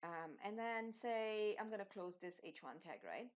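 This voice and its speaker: A woman's voice: medium pitch, animated, normal speed. A woman teaching web design, explaining code step by step in a screen-recorded tutorial, with some fillers.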